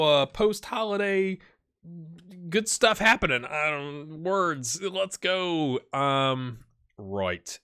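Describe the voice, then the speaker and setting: A man's voice: fairly high pitch, very animated, slow pace, a bit bright, clear, resonant tone. A man casually commenting on his football management game, rambling and chatty, often calling his viewers "my friends". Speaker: gaming YouTuber. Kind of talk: casual let's-play commentary.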